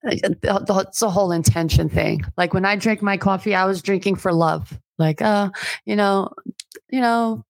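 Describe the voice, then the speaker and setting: A woman's voice: moderate pace, gravelly, no room sound. A woman guest on a podcast chatting casually, swearing freely and acting out quoted voices, with Albanian as her first language. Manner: chatty, swearing, acts out quoted voices with big pitch jumps. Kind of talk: casual chat.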